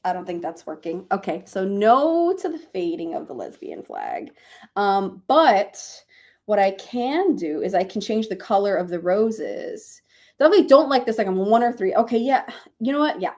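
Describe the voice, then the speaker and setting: A woman's voice: medium pitch, very animated, normal speed, a little mellow. A sleepy woman hosting a live stream, chatting casually with viewers, thinking aloud and laughing often. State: sleepy, yawning. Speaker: streamer hosting reading sprints.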